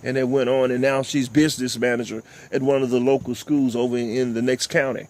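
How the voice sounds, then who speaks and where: An older man, hosting a talk show and delivering impassioned, preachy commentary, often repeating "ladies and gentlemen.". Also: mid-range voice, little pitch movement, fairly quick. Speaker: host.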